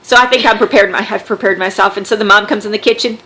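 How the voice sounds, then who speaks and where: Woman, Southern accent, casual storytelling, wry and animated, mid-pitched voice. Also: fast. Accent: Southern American. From American South. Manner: animated, wry storyteller who acts out quotes. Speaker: podcast host.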